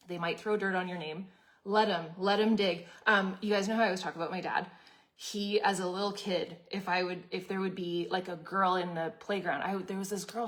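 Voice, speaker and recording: Chatty, candid woman host, low voice. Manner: chatty and candid, many fillers and restarts. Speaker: host of a live community session. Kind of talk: casual motivational talk to viewers.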